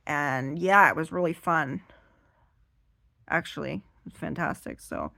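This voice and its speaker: A woman doing seated stand-up comedy, rambling and animated as she acts out her stories. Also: sits low, a little slow, creaky, no room sound.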